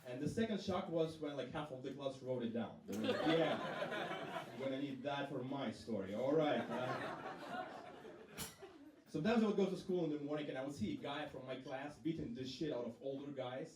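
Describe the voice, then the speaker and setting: Comedian on a roomy club stage. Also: male voice, mid-range voice, a loud crowd, heavy background noise. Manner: deadpan storytelling with quick acted quotes. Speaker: stand-up comedian. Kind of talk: stand-up comedy set. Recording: roomy club sound from a distance.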